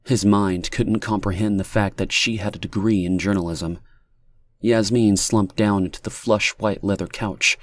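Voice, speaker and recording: A man narrating a dark fiction audiobook in a steady, measured reading. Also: on the low side, no room sound.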